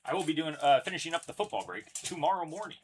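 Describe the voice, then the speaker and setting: A man's voice: a little high, very animated, fast, slight background noise. A young man casually announcing each card pulled as he hosts a live card break, chatty and upbeat. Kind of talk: live card-opening commentary.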